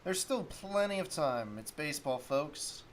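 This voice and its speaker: A man's voice: on the high side, lively intonation, measured pace, slight background noise. A man hosting a solo sports talk stream, rambling casually and thinking aloud while he looks up stats. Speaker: sports talk show host.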